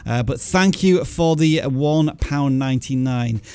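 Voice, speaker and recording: A man's voice: mid-range voice, a little slow, a little mellow, smooth. A man hosting a casual livestream, chatty and laughing often as he reads viewer messages aloud. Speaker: livestream host.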